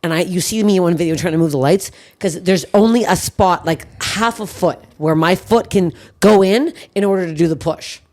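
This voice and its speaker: A woman's voice: lowish voice, normal speed, hardly any pauses. Brash, profane woman from Canada. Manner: brash, profane, animated storyteller who acts out other people. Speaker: comedian and podcast host. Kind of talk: casual podcast chat, storytelling.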